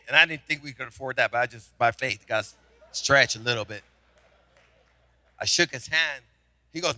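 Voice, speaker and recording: A man preaching a sermon as senior pastor, telling a story with animated delivery and acted-out voices. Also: medium pitch, normal speed, pauses often, dry recording.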